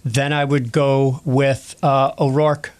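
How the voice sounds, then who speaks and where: A man's voice: medium pitch, flat delivery, slow. A man as a guest historian, answering viewer questions in a rambling, casual way with many fillers and self-corrections. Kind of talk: casual expert Q&A.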